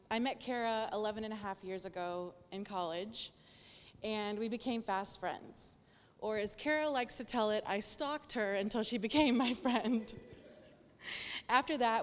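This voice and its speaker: A woman's voice: mid-range voice, in a large hall. A woman in her thirties, the maid of honor, giving an emotional rehearsal dinner toast, shaky and nervous, joking and laughing through it. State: nervous and teary. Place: dinner hall.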